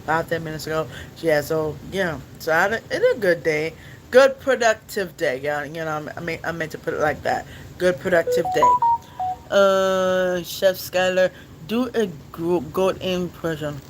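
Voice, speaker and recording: A man's voice: on the high side, normal speed, slight background noise, low-quality recording. A young man hosting a podcast, chatting casually with his viewers in a rambling, playful way and laughing often. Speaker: podcast host.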